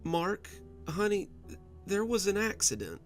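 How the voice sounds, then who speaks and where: A man voicing a young wife who hides bad news behind a high, overly sweet voice that keeps breaking, in a read-aloud story. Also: sing-song, unhurried, soft background music. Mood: tearful.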